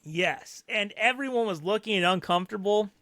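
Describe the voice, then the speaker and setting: Podcast co-host, male, high bright voice, animated storyteller, dry close mic. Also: moderate pace, dry recording. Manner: animated storyteller who acts out loud quoted voices. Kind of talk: casual storytelling chat.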